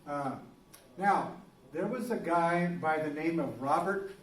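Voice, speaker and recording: A male biology teacher delivers a loose, rambling classroom lecture packed with fillers and restarts. His voice is a little high and slow, picked up from a distance in a roomy classroom with slight background noise.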